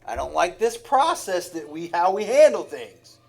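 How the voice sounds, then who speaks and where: A man's voice: high voice, big pitch swings, normal speed, creaky, a little mellow. A man preaching a sermon in a heartfelt way, with sighs and acted-out examples.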